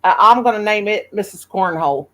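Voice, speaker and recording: A woman's voice: mid-range voice, lively intonation, a little fast, heavy background noise. A woman, hosting a casual live-stream chat in a folksy, teasing way. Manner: folksy, teasing, calls people honey and shug. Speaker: host.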